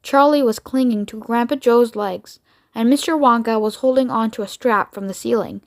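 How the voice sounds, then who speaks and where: A woman reads a children's storybook aloud in a steady narrating voice. Her tone sits fairly high but calm, keeping an even pace through the story. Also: moderate pace. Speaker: reader.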